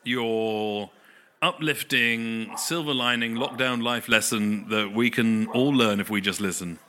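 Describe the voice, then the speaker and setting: A man's voice: mid-range voice, a little slow, pushed and bright. A man hosting a podcast, chatting in a playful, rambling and theatrical way. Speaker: podcast host. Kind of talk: casual chat.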